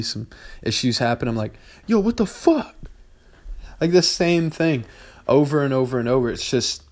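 Young male podcast host, casual and profane, rambling philosophical riff, average pitch. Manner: rambling, heavy swearing, bursts of exasperation.

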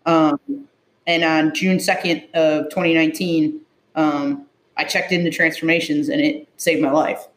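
A woman's voice: low voice, level tone, a little slow. A woman first responder tells her story to an interviewer in a candid, emotional way. She is blunt and swears freely. The sound rings around an echoey room.

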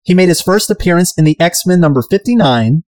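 A man chatting through a TV recap with an irreverent, profane edge. His voice sits a little high for a man, and it is recorded close and dry with no room sound. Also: animated, brisk, a little mellow, no room sound. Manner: irreverent, profane, mimics characters. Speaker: podcast host. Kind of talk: casual episode recap chat.

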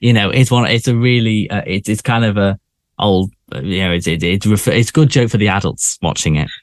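A man's voice: lowish voice, fairly quick, dry recording, studio quality. A man co-hosting a podcast, chatting casually and often restarting his sentences. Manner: hesitant, many restarts. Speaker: podcast co-host. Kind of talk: casual chat.

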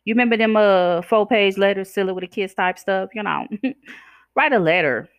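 A podcast host with a smooth, mid-range voice rants casually at normal speed, her blunt, sassy, profane manner slightly slurred by chewing gum. She addresses listeners as "y'all" and "child," on a dry recording with dull audio.

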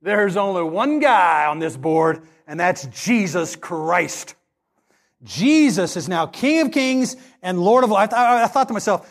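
A man preaching a sermon as pastor, telling stories and acting out the dialogue with animated delivery. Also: high-pitched, measured pace.

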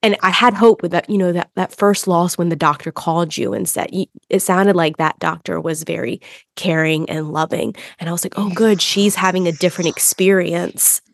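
A woman's voice: on the low side, steady tone, normal speed, gravelly, dry recording, studio quality. A woman hosting a podcast, speaking earnestly and searching for her words in a casual conversation. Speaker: podcast host.

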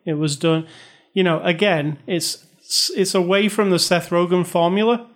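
Relaxed podcast co-host giving movie scores. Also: mid-range voice, moderate pace. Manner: relaxed, reads reviews aloud, gives recommendations. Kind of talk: casual movie review chat.

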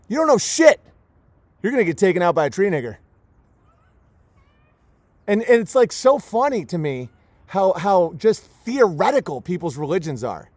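Male stream host, high voice, dry close sound; abrasive, mocking rant delivery. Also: a little mellow, no echo. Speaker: livestream host. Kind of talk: profane ranting monologue.

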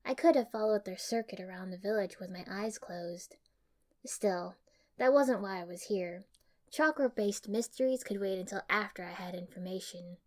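A woman's voice: mid-range voice, normal speed, darkish tone. Young woman reading a story aloud. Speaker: audiobook reader. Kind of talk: reading fan fiction aloud.

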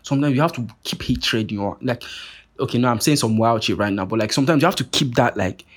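Young male podcast host, husky mid-range voice, loose profane solo rant. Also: medium pitch, fast talker. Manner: profane, animated, rambling with many restarts. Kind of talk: casual monologue rant.

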